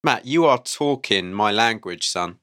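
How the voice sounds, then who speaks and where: A man's voice: lowish voice, expressive, measured pace, fairly bright tone, clear, resonant tone. A man co-hosting a podcast, reacting to space news with playful jokes and exclamations. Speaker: podcast co-host. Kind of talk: casual podcast banter.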